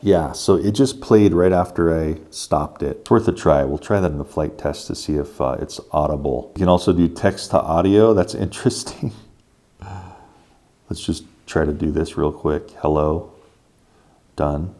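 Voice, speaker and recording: A man's voice: very deep voice, moderate pace, warm tone. A man casually talking viewers through a gadget review and setup, step by step with enthusiasm. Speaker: tech reviewer.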